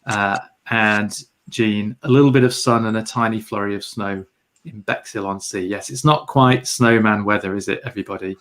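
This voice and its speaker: A man's voice: on the low side, steady tone, moderate pace, a bit bright. A British man hosting a photography livestream, chatting casually and greeting viewers with light humour. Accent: British English. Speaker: livestream host.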